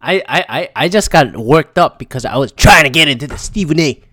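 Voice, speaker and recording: Profane, animated male podcast host. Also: on the high side, brisk. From Philadelphia. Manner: profane, animated, laughs between thoughts. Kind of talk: solo podcast rant.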